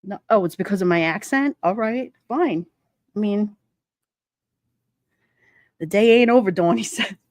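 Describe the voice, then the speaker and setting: A woman's voice: mid-range voice, measured pace, long pauses, a little mellow, no room sound, clean studio sound. A woman hosting a casual livestream, chatting with viewers in a blunt, playful way and laughing often. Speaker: livestream host. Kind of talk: casual live chat with viewers.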